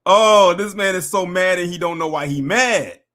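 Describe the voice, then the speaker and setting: A man's voice: high voice, normal speed, fairly bright tone. A man hosting a livestream, reacting with sarcastic, teasing commentary. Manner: teasing, sarcastic, laughing asides. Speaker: livestream host.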